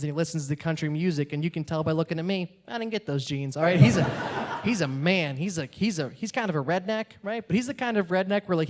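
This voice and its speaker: A young male comedian doing stand-up, his voice sitting noticeably high for a man. He talks fast and a little awkwardly, stringing bits together with plenty of "like"s. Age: young adult. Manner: awkward, quick, filler-heavy delivery with many "like"s. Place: comedy stage with a laughing audience.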